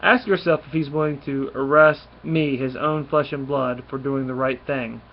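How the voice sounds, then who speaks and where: A man's voice: mid-range voice, fairly even intonation, moderate pace, a little hiss or hum, close to an everyday voice. A man reading out the lines of a brash young male space outlaw prince making a cocky public speech, in his own voice. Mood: defiant. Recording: dull lo-fi recording.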